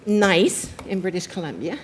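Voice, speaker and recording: A woman's voice: on the low side, animated, moderate pace, slight background noise. A woman speaking candidly as a panelist, recounting her experiences with a wry edge. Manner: candid, wry, laughs while telling. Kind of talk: casual panel storytelling.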